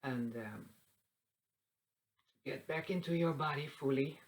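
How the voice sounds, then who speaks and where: Slow, soft-spoken woman guiding meditation. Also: rumbling low, rough recording. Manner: soft, slow and meandering, with frequent fillers and light laughs. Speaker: spiritual channel host. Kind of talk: spiritual talk and guided meditation. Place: seated indoors.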